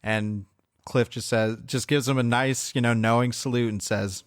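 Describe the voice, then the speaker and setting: A man co-hosting a casual film podcast, retelling the story with eager energy and breaking into laughter. His voice sits at an ordinary middle pitch. The recording is close and dry, with no room sound. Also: moderate pace, no echo. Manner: enthusiastic retelling, laughs often. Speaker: podcast co-host.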